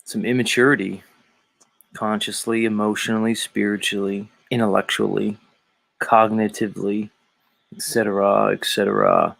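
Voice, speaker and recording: A man's voice: on the low side, lively intonation, moderate pace, vocal fry, fairly bright tone, no echo, rough recording. A man with a Philadelphia accent who hosts a show, giving sardonic, musing livestream commentary that wanders off on tangents. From Philadelphia area, US. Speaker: show host.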